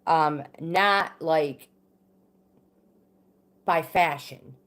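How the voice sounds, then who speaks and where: Slow, halting woman telling a story. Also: deep voice, fairly bright tone. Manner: halting, many restarts and fillers. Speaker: livestream host. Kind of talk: casual storytelling.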